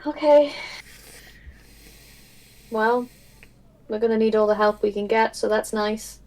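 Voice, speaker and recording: A woman's voice: on the high side, takes it slowly, darkish tone, poor audio. Woman player in a tabletop game. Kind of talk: playing a character in a tabletop game.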